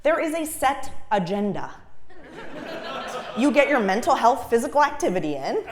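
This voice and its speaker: A young woman performing stand-up comedy on stage, her fairly high voice leaping up and down in pitch. She talks in an animated way, often laughing at her own jokes and pitching her punchlines into a shriek. She grew up in Los Angeles. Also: normal speed. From Los Angeles, USA. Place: comedy stage before a live audience.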